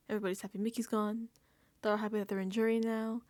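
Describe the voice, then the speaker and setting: A woman with a fairly high voice talks through a reality TV recap in a loose, rambling vlog style. She sounds sarcastic and fed up, and she swears freely. The recording is dry and close, with no room echo. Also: steady tone, a little fast, gravelly, darkish tone. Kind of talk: casual recap and reaction.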